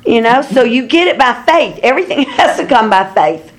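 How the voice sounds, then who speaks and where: A woman's voice: a little high, sing-song, normal speed. A woman leading an informal Bible study, telling personal stories in a chatty way with lots of fillers. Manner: chatty storyteller, many fillers, laughs at herself.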